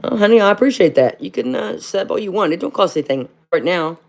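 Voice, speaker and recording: A woman's voice: lowish voice, animated, fast talker. Blunt woman. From southern Ohio. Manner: blunt, calls everyone honey, many filler uhs. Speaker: livestream host. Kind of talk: casual livestream, reading viewer comments.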